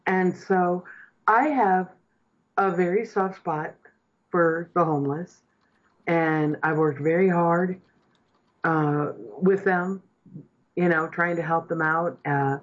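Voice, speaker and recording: A woman's voice: on the low side, steady tone, slow, pauses often, dull audio. A woman hosting political talk radio, earnest and impassioned, building up to emphatic points. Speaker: radio host.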